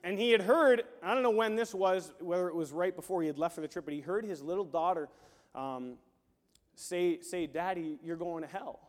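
A high-voiced man preaching in a big space with a long reverb trailing each line. He tells a story, drops to a hush and then bursts into shouts. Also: fairly quick. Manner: animated, swings from hushed to shouting. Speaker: pastor. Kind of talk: sermon with storytelling.

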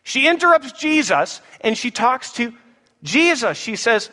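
A man preaching a sermon, with animated, playful asides to the congregation. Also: high-pitched, normal speed. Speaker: pastor. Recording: echoey hall with long reverb.

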